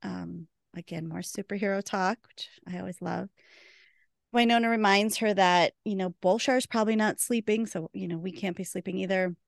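A woman's voice: medium pitch, moderate pace, vocal fry, no room sound, studio quality. A woman co-hosting a podcast, recapping a TV episode in a chatty way and laughing often. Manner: chatty, laughs often, acts out characters' lines. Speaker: podcast co-host.

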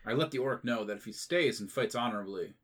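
A man's voice: mid-range voice, lively intonation, quick pace, fairly bright tone. A man playing a tabletop game, speaking plainly and matter-of-factly. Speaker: player.

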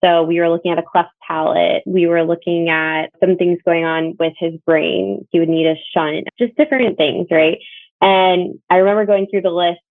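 A woman's voice: on the low side, fairly even intonation, normal speed, no room sound. A young woman from Northern Virginia sharing her story as a bereaved mother, in an earnest, reflective, conversational way. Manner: earnest, reflective, quotes others in dialogue. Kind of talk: personal testimony, conversational storytelling. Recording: tinny phone-like line, dry.

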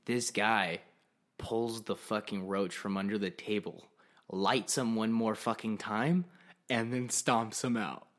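A man's voice: on the low side, slow. A man hosting a podcast, telling a long story in casual chat, heavy on swearing, acting out what others said. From Arizona. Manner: animated, profane storyteller who acts out quotes. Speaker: podcast host.

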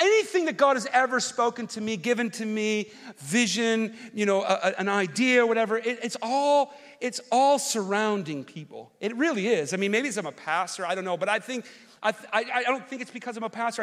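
Animated pastor preaching in a reverberant hall. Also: male voice, high voice, moderate pace. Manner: animated storytelling, swinging loud to soft. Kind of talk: sermon with personal story.

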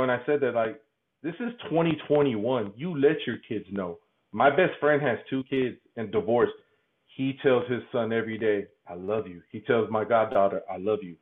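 A man talks openly in a podcast interview, restarting his sentences and laughing between thoughts. His voice comes through a narrow, tinny line like a phone call. He sits in a middle pitch. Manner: halting, repeats words, laughs often. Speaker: podcast guest. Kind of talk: candid conversational interview.

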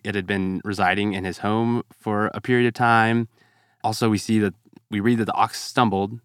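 A man calmly explaining a Bible passage on a podcast, measured and thoughtful, with small fillers. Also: on the low side, no room sound, clean studio sound. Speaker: podcast guest. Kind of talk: Bible discussion.

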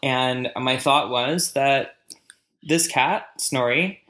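A man telling a long personal story in relaxed chat. He pauses often and muses aloud, with frequent fillers. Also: mid-range voice. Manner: reflective storytelling, many fillers. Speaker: conversation partner. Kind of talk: casual chat.

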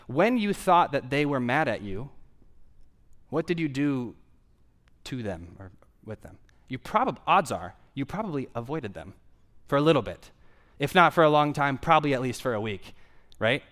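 A man's voice: medium pitch, very animated, moderate pace, fairly bright tone. Man preaching with rhetorical questions. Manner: conversational, asks the audience rhetorical questions; repeats key phrases for emphasis. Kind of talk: sermon.

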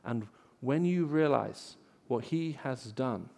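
A man with an English accent, raised in the Middle East, preaching a sermon in an auditorium and telling stories, rising loud for emphasis. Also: medium pitch, lively intonation, takes it slowly, vocal fry, long reverb tail. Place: large auditorium.

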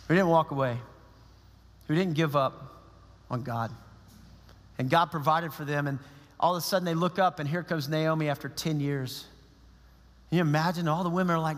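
A man preaching a sermon as pastor, in a conversational, animated way with quoted asides. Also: fairly high pitch. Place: church sanctuary. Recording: long reverb of a church hall.

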